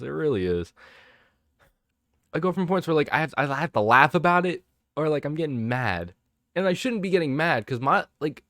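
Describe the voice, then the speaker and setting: A man's voice: on the high side, fairly bright tone, no echo, clean studio sound. A man ranting casually to camera as a sports fan vlogger, exasperated and profane, rambling with frequent restarts.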